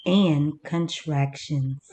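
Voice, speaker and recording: A woman teacher leading a first-grade reading lesson, slowly sounding out words for young children. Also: low-pitched, steady tone, dark tone.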